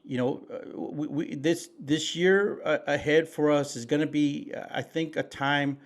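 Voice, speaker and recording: A man's voice: a little high, steady tone, a little slow. Folksy preachy man, fillers and restarts. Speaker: podcast co-host. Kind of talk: casual political chat.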